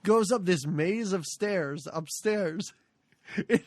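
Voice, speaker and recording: A woman hosting a podcast, retelling movie scenes in an animated way and giggling often. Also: fairly low pitch, takes it slowly, dry recording, clean studio sound. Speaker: podcast host. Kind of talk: casual movie review chat.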